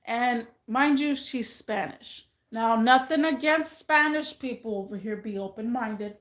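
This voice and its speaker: A woman vlogging in a casual, rambling monologue, chatty and animated, often mimicking other people's voices. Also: fairly high pitch, a little slow, echoey room, low-quality recording.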